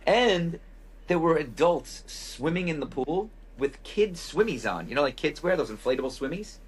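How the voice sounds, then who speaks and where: A podcast host with a fairly high, husky voice tells a loose, profane travel anecdote as casual storytelling, wry and full of quoted asides. He's very animated at a moderate pace, with slight background noise.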